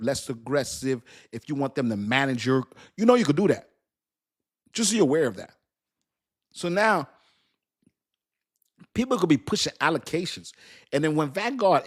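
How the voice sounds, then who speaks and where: A man giving animated, casual crypto commentary, laughing often and preaching with slang. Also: fairly high pitch, breathy edge. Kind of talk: casual talk to camera.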